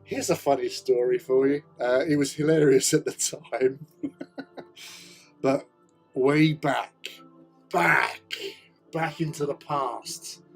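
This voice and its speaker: A man's voice: medium pitch, darkish tone. A middle-aged British man hosting a hobby chat, telling a rambling story, laughing often and swearing casually. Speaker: hobby channel host.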